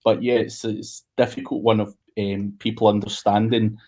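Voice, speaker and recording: A man's voice: lowish voice, level tone, normal speed, mellow. Chatty, joking podcast host man. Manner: chatty, joking, swears casually. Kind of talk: casual podcast chat.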